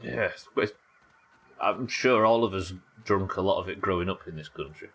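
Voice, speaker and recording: A man's voice: low-pitched, normal speed, a bit bright, a little hiss or hum. A young British man streaming a game live, chatting casually, laughing often and swearing freely. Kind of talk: casual live gameplay chat.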